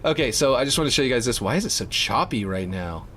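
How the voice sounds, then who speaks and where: A man's voice: medium pitch, lively intonation, fast, a bit bright, slight background noise. Laid-back man with a Louisiana accent. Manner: rambling, lots of fillers, laid-back. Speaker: livestreamer building game maps. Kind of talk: casual livestream chat while building.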